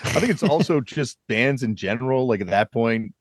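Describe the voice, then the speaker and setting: A man's voice: medium pitch, expressive, moderate pace, no echo. A man hosting a podcast, telling rambling anecdotes in casual chat and laughing often. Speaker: podcast host.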